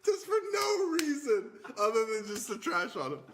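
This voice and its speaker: A man's voice: very high-pitched, very animated, moderate pace, a bit bright, slight background noise. A man co-hosting a podcast, trading crude comedic banter, swearing and laughing often. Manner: laughs often, profane and mocking. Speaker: podcast co-host.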